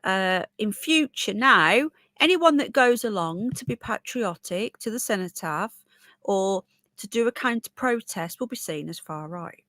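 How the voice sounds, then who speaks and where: A woman's voice: mid-range voice, lively intonation, unhurried, bright, forceful tone, no echo. Woman livestreamer with a sore throat, mid-range voice, dry close sound, chatty and opinionated. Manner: chatty, opinionated, rambling with restarts. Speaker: livestream host. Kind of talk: casual live chat reading viewer comments.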